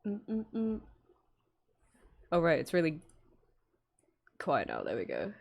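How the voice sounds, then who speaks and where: A woman's voice: low-pitched, huge pitch swings, slow, creaky. A young woman streaming while she draws, chatting casually, giggling, swearing freely and answering her chat.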